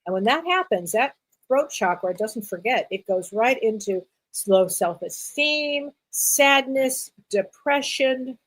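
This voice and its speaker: A woman's voice: a little high, animated, slow pace, low-quality recording. A woman co-hosting a spiritual talk show, speaking earnestly and with emphasis. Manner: earnest, emphatic, with short affirmations. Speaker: co-host, medium. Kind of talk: casual chat.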